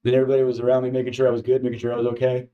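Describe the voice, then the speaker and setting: A man's voice: medium pitch, muffled recording. Guy telling his own story, stumbles and repeats himself, acts out other people's lines. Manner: halting, repeats words, lively quoting voices. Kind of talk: casual storytelling.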